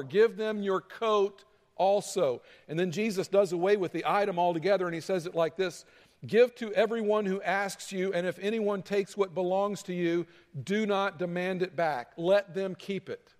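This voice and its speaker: A long reverb from a big church hall surrounds a male pastor's high voice as he delivers a sermon like a casual chat. His tone is somewhat dark and his speed normal, and at times he dramatizes a heated argument with climbing pitch to drive a point home.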